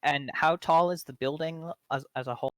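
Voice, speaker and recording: A man's voice: fairly high pitch, steady tone, brisk, a bit bright, smooth, dry recording. A young man playing a tabletop game, asking questions with hesitations and fillers. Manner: curious, asks questions with hesitations. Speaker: player. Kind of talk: casual tabletop play.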